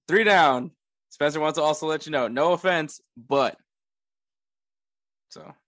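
A man's voice: on the high side, a bit bright, dry recording, clean studio sound. A man hosting a casual sports podcast, laughing often and poking fun at himself. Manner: laughs often, self-mocking. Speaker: podcast host.

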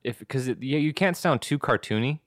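A man's voice: mid-range voice, a little fast, dry recording, studio quality. A young man, a voice impressionist, explaining in casual chat how a cartoon voice came about. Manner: explaining, animated, chatty.

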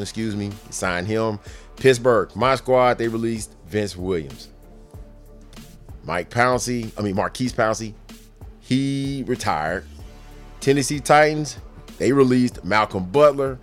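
A man giving casual sports commentary, running through news in an offhand way with jokey asides. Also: on the low side.

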